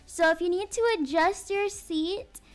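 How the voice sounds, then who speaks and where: A woman's voice: very high-pitched, a little slow. A young woman doing game role-play as a mother, giving bossy, step-by-step instructions. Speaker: roleplay narrator playing a mother.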